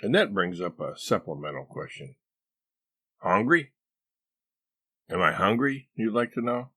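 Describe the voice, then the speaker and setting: A man's voice: on the low side, big pitch swings, a little slow, a bit bright, full character voice. A man voicing a boastful, bumbling man who puts on a Southern US drawl and talks in a pompous, chiding, folksy way. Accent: put-on Southern US drawl. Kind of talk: audiobook character voice.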